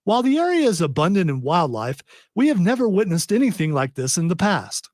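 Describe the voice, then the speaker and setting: A man's voice: high voice, very animated, a little fast, darkish tone, no room sound, studio quality. A man hosting a casual podcast, reading a news story aloud with wry, joking asides. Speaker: podcast host.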